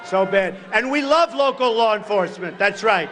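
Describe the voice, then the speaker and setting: A man in his sixties giving a campaign rally speech at a podium, repeating short punchy phrases and breaking into shouts. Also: high-pitched, animated, normal speed, hardly any pauses, a crowd in the background, background noise. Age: 60s. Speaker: political candidate at a rally. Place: large rally venue.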